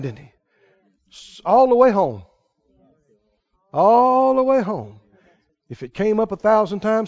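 Preacher guy, high voice swinging all over, fervent sermon, dull lo-fi recording. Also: creaky, darkish tone. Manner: fervent, calls out to the congregation.

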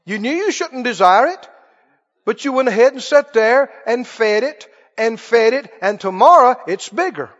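A man preaching a sermon with emphatic call-and-response questions to his congregation. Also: very high voice. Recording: dull, echoey hall sound.

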